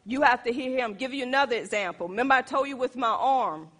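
A woman pastor preaching, telling a testimony to her congregation in an animated, emphatic way. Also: a little high, quick pace. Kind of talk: sermon testimony.

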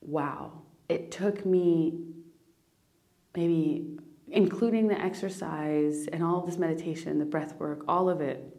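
A woman's voice: lowish voice, warm tone. A woman hosting a personal spiritual podcast, talking earnestly and emotionally, near tears, often restarting and repeating phrases. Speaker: podcast host.

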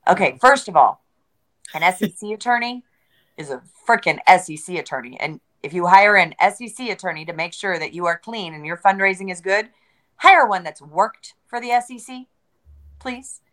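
A woman's voice: on the low side, expressive, fairly quick, a bit bright. A woman being interviewed, talking casually and emphatically, repeating words for stress and joking as she goes. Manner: joking, conversational. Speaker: interview guest, crypto entrepreneur.

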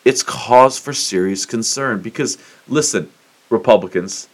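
A man's voice: mid-range voice, measured pace. A man hosting a solo podcast, ranting in a fired-up, profane way about sports and politics. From United States. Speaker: podcast host. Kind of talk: solo opinion monologue.

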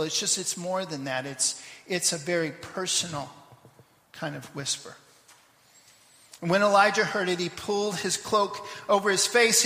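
A man preaching a sermon in church, reading scripture with rising intensity and dropping into quick asides. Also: high-pitched, bright, forceful tone. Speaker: pastor. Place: church sanctuary. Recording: echoey church livestream.

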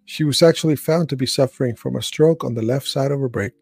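Host, middle-aged man, dark gravelly voice, dry close mic, casual read-aloud with asides. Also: mid-range voice, fast, no echo. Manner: reads aloud with slips and restarts, adds asides. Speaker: host reading and reacting to stories.

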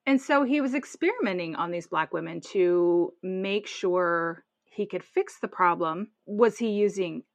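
Woman, podcast co-host, low-pitched, frank and outspoken, dry close sound. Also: unhurried, few pauses, no room sound. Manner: frank and outspoken, swears when indignant. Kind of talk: casual chat.

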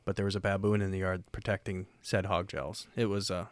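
A man's voice: deep voice, little pitch movement, fairly quick, no room sound. A man co-hosting a podcast, trading dry wisecracks in casual banter. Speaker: podcast co-host.

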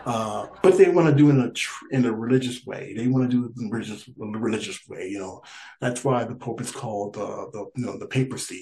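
A man's voice: medium pitch, a little mellow. A man doing a stand-up comedy monologue, rambling and repeating himself, stammering through restarts and chuckling as he talks. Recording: echoey room, faint noise.

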